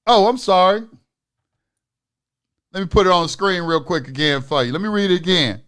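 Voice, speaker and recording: High-voiced man ranting in a live class. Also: moderate pace, smooth. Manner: profane, preachy, swings from loud ranting to muttering. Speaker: instructor of an online class. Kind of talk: live online lecture.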